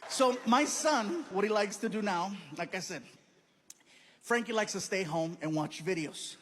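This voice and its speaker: A man's voice: sits high, unhurried. A man performing a stand-up comedy routine, telling stories and acting out the people in them. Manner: animated storytelling with acted-out quotes. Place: large hall on stage. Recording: live venue with long reverb and noise.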